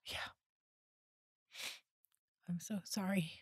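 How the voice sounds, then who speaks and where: A woman hosting an interview, responding quietly and gently. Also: on the low side, steady tone, extremely slow, slightly rough. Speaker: host.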